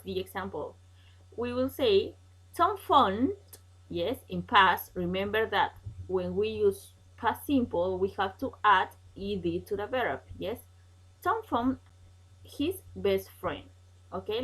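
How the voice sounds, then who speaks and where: A woman's voice: mid-range voice, lively intonation, measured pace, breathy edge, rough recording. A woman teaching an English grammar lesson online, patient and repetitive, checking in with "okay?" often.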